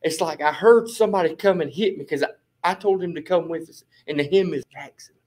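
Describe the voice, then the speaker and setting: High-voiced man telling a rambling story. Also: fairly quick. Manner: animated, rambling storyteller, repeats "flipping" as a filler. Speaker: bible study group member. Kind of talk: casual testimony storytelling.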